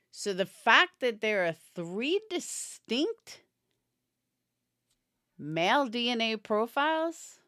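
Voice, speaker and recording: Slow-talking tired woman commentator. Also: medium pitch, a bit bright, clear, resonant tone, no room sound, studio quality. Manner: opinionated, talks to chat viewers by name. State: yawning, tired. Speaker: true crime commentator. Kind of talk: casual live-stream commentary.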